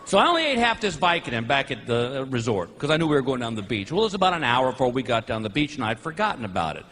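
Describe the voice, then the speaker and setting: A male stand-up comedian telling a story with animated delivery, bursting into shouted punchlines. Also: mid-range voice, quick pace. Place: comedy stage before a live audience. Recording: live stage audio with crowd noise.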